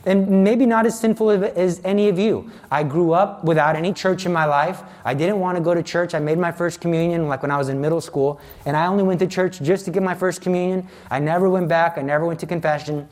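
A man's voice: a little high, steady tone, quick pace, few pauses, darkish tone. A man giving a personal faith testimony as a Catholic speaker, telling his story in an earnest, dramatic way.

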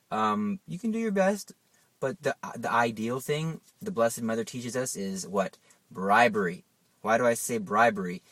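A man's voice: medium pitch, dry recording. A man giving an earnest devotional teaching as a Catholic preacher, asking rhetorical questions and repeating himself for emphasis.

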